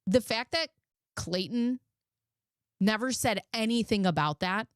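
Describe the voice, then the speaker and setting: Chatty swearing woman streamer, smooth voice. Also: medium pitch, no echo, clean studio sound. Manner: chatty, blunt, swears, thanks viewers. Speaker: livestream commentary host. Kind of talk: casual livestream commentary.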